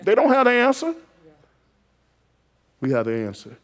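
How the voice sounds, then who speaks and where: Male preacher, high voice, fervent exhorting sermon delivery with loud peaks. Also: wildly swooping pitch, moderate pace. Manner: exhorting, call-and-response rising to shouted emphasis.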